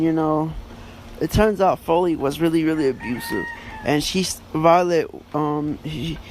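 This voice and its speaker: A man's voice: on the high side, slight background noise. A man hosting a podcast, giving a casual book review in a rambling way, full of fillers and self-corrections. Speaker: podcast host.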